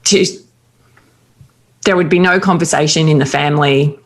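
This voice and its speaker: A woman's voice: deep voice, fairly even intonation, normal speed. A woman guest on a talk show, earnestly and reflectively recounting personal experiences in candid conversation. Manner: earnest, reflective, with frequent restarts.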